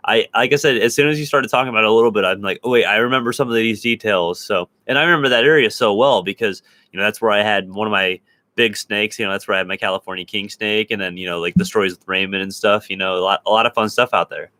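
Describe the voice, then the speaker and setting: A man's voice: on the low side, quick pace, sharp tone, dry recording. A young man from Ohio co-hosting a paranormal show, chatting casually and reading viewer comments aloud. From Ohio, USA. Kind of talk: casual live-stream chat.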